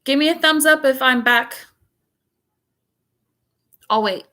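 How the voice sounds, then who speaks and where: A woman's voice: high voice, sharp tone. A woman teacher reading a story aloud to her class over a video call, stopping often to chat and explain. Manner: chatty, pausing to comment and explain.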